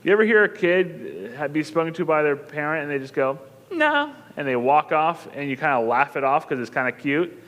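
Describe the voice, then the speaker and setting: A man's voice: fairly high pitch, a little fast, hardly any pauses, a bit bright. A man in his thirties preaching in a church, conversational and joking, rising into emphatic bursts. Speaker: pastor. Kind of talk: sermon. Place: church auditorium. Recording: long hall reverb.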